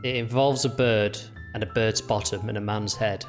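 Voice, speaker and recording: A man's voice: fairly low pitch, steady tone, normal speed, soft background music. A young man giving chatty, mocking reaction commentary on video clips. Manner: chatty, jokey, mocking asides.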